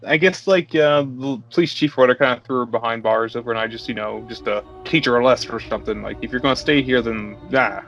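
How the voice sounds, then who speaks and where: A man co-hosting a casual movie podcast chat, swearing freely and retelling scenes with animated quoted lines. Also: medium pitch, quick pace, few pauses, lo-fi sound, faint music behind. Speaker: podcast co-host.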